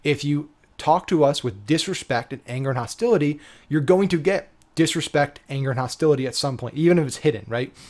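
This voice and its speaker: This marketing coach talks a little fast with few pauses, his fairly high-pitched voice carrying a darkish tone. His instruction is laid-back yet emphatic, peppered with casual swearing and frequent "right?" check-ins.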